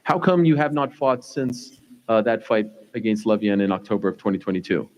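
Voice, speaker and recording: A man's voice: on the low side, a little mellow, poor audio. A man moderating a fight press conference, asking questions with lots of fillers. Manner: fast, filler-heavy questioning.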